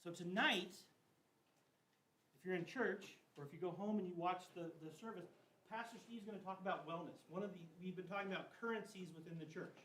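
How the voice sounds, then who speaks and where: With a brisk delivery, a high-sitting voice and a fairly bright tone, a man retells Bible stories for a confirmation class. He keeps it loose and chatty, sprinkling in "like" and slang. The recording is echoey, distant-miked and faintly hissy.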